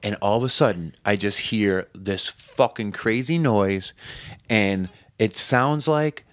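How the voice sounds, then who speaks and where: A man's voice: lowish voice, slow, no room sound. A man from Connecticut telling a story as a podcast guest in casual, profane chat. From New Haven, Connecticut.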